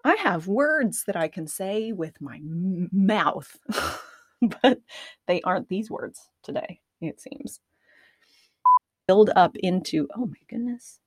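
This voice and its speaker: A woman's voice: medium pitch, expressive, slow pace, slightly rough, no echo. A woman podcast host recording outtakes at a computer microphone. She is nervous with a dry mouth, laughs at herself and keeps restarting her lines. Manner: self-deprecating, giggly, restarts often. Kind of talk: casual recording outtakes, self-commentary. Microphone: studio microphone at a computer.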